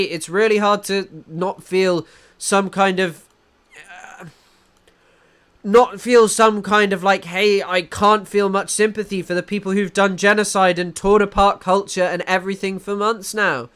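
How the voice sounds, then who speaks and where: A man's voice: sits high, measured pace, a bit bright, clear, resonant tone. A man hosting a casual livestream, talking loosely about the news and reading out chat comments, often restarting his sentences. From England. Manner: rambling, restarts sentences, reads chat aloud. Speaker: livestream host.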